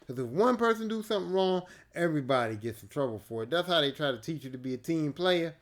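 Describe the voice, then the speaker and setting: A male podcast host telling a casual story alone, laid-back, profane and animated. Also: fairly high pitch, quick pace.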